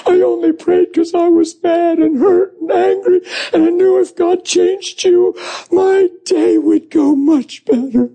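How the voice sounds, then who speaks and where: A man's voice: very high voice, fairly even intonation, a little slow, vocal fry, dark tone, voice pushed up, exaggerated voice. A man voicing a sobbing, apologetic wife. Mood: tearful pleading. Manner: sobbing, pleading repetition. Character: weeping, apologetic wife, middle-aged woman.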